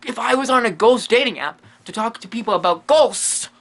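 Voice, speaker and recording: A man's voice: extremely high pitch, animated, fairly quick, creaky, a bit bright, full character voice. A man playing a quirky, lonely, self-amused male ghost medium who talks in broken English, drops his articles and rambles in a comedy monologue. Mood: goofy. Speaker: comedy vlogger in character.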